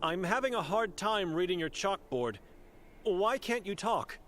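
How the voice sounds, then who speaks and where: A man's voice: high-pitched, expressive, unhurried, fairly bright tone. A man playing an earnest young monk searching for his sister in a video game, asking polite, concerned questions. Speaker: player character. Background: game music.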